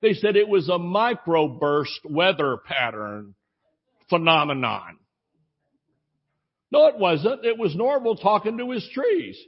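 A man's voice: high voice, sing-song, slow pace, long pauses, dull audio. A male preacher telling a rambling anecdote in a sermon, acting out the voices of the people he quotes. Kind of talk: sermon storytelling.

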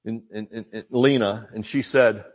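A man's voice: fairly low pitch, fairly even intonation, moderate pace, highs cut off. Folksy older male preacher, rambling. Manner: folksy, rambling with many restarts and asides. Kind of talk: sermon.

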